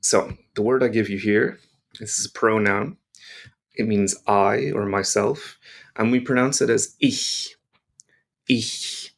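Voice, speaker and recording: A man's voice: on the low side, creaky. A man teaching pronunciation to learners, patiently explaining and modelling each sound. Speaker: language teacher.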